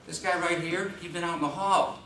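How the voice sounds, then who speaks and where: A man giving a humorous contest speech, telling a comic story in an animated way. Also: on the high side, brisk. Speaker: contest speaker. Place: meeting room. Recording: echoey room, distant mic, noise.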